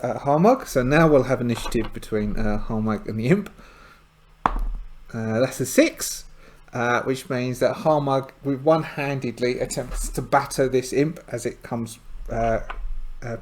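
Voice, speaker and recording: A man narrating a solo tabletop game, rambling and hesitant with many fillers and side remarks. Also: mid-range voice.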